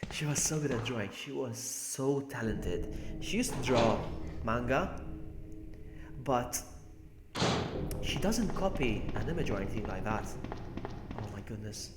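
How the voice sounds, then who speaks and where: A man's voice: mid-range voice, animated, unhurried, long pauses. A man from Malta chatting casually with his viewers while he plays a game on a livestream. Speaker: streamer. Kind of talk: casual gaming livestream chat. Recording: echoey room with background noise.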